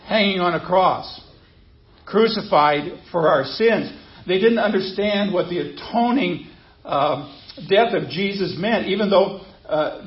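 A man's voice: high voice, highs cut off. A man preaching a sermon as pastor, talking conversationally and asking his congregation questions.

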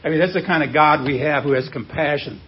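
A man preaching a sermon as pastor, in a conversational way, acting out quoted speech and often pausing on "uh". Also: fairly high pitch, highs cut off. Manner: conversational preaching, acts out quotes, many "uh" fillers.

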